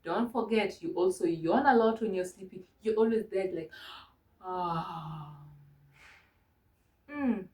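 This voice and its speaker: A woman from Kenya teaching a mock English lesson to a young child, gentle and encouraging, spelling words out slowly. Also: mid-range voice, roomy sound. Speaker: online ESL teacher.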